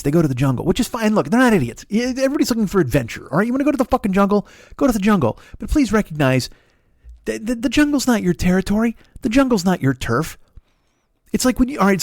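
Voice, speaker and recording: A man's voice: high voice, no room sound. Profane rambling male comedian, dry sound. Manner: rambling, profane, animated rants with restarts. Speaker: comedian, podcast host. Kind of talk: solo comedic monologue.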